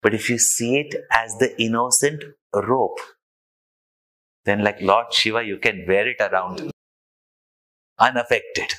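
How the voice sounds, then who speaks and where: A man's voice: fairly low pitch, unhurried, pauses often, pushed and bright, low-quality recording. A man, a spiritual teacher, telling an anecdote in a sermon and drawing a moral from it. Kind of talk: sermon storytelling.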